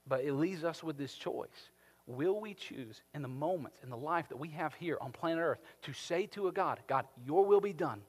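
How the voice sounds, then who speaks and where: Male pastor, fairly high voice, sermon delivery, long church-hall reverb. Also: normal speed, slightly rough. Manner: animated, rising to emphatic peaks then dropping soft.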